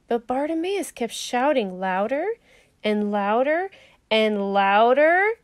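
A woman teacher reads a children's Bible story aloud with lively, expressive delivery. Her voice sits at a middle pitch, and the recording is dry with no room sound. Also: unhurried, no echo.

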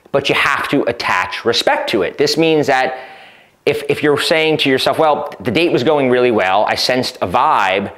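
A male dating coach who talks in an easy, conversational way at a middle pitch. He keeps checking in with "right?" and acts out short exchanges in between. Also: a bit bright. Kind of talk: advice talk to camera.

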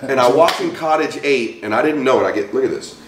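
A man in his forties, a guest in an interview, telling a personal story with lively acted-out voices for the people in it. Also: mid-range voice, fast talker, distant mic, slight background noise. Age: 40s. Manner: animated storyteller acting out quoted voices. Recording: roomy, from off-mic.

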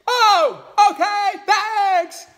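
Dad doing a super high squeaky mama frog, eager, naive, polite. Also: male voice, drawn-out words, exaggerated voice. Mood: chirpy thanks. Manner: squeaky, excited, overly polite. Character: wide-mouthed mother frog, eager and naive.

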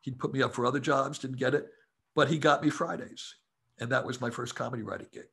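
A man, a comedy writer, telling relaxed anecdotes as a guest in an interview. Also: medium pitch, fast, creaky, breathy edge. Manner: relaxed anecdotal storyteller who acts out quotes. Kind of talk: casual storytelling interview.

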